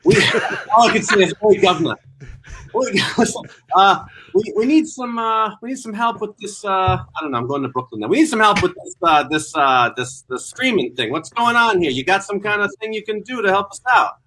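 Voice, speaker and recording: A man's voice: high voice, expressive, fairly quick, bright, forceful tone, husky, full character voice, low-quality recording. A man voicing a bumbling admiral who rambles in clumsy put-on accents during an improv sketch. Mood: rambling. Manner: rambling, faltering attempts at accents.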